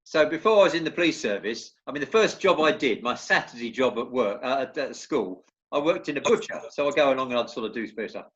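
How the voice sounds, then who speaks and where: A man in his fifties hosts the talk, mixing his own stories with questions for his guests. His voice sits at an ordinary middle pitch. The audio is dull and lo-fi, like a remote call. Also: lively intonation, fast talker, a bit bright. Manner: friendly interviewer who steers the talk. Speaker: podcast host. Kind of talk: casual conversational interview.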